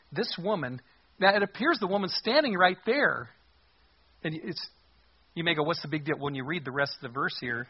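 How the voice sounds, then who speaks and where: A man's voice: a little high, breathy edge, dull audio. A man teaching a Bible passage in a casual, conversational way, with wry asides and emphatic bursts.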